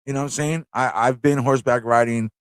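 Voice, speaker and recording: On his live online show, a New York City host chats casually, telling meandering, profanity-heavy stories while laughing. He speaks quickly in a smooth, mid-range voice with a steady tone and no echo.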